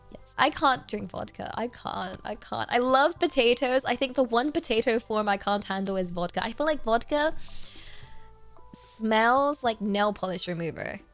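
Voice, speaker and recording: A young woman from Britain, a streamer chatting casually in a bubbly, rambling, giggly way. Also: on the high side. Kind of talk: casual livestream chat.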